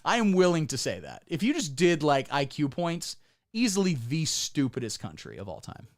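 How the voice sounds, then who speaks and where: A man streaming sarcastic commentary, swinging between deadpan mutters and sudden squeaky outbursts. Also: normal speed. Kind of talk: satirical livestream commentary.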